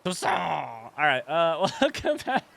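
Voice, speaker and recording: A man's voice: mid-range voice, animated, normal speed. A young man commenting casually on a game he plays, giggly and rambling, tired late at night. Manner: giggly, rambling, self-deprecating. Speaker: let's play host.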